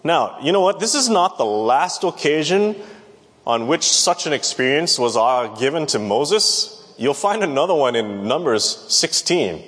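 Man preaching, conversational, quizzes the congregation, somewhat high voice, long hall reverb. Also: very animated, a little slow, a bit bright. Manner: conversational, questions the audience. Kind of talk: Bible teaching sermon.

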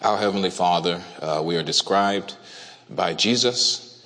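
A man preaching a sermon to a congregation, speaking deliberately and asking them questions. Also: low voice, bright, forceful tone. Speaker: pastor. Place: church hall. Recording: reverberant church hall.

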